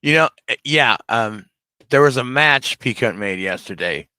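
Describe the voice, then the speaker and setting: A man co-hosting a casual livestream, speaking haltingly and repeating words as he tells a story. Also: mid-range voice, lively intonation, bright, forceful tone, clean tone, no room sound. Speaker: co-host.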